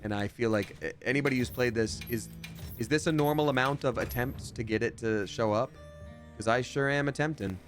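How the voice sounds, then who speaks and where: A young streamer and voice actor plays a game on a livestream from his home setup, rambling casually and reading chat aloud to answer viewers' questions. His voice is medium-pitched and fairly quick, with soft background music behind him.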